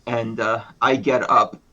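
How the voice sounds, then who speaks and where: A man's voice: mid-range voice, level tone, slow, pushed and bright, lo-fi sound. A man playing a tabletop role-playing game, speaking casually and stammering a little. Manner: hesitant, stammering. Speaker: player.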